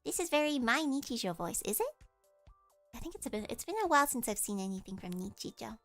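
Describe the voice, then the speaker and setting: A woman's voice: on the high side, sing-song, quick pace, fairly bright tone, soft background music. A woman streamer chatting casually with her viewers in a nasal voice, explaining things as she goes. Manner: chatty, explains with vocal demos.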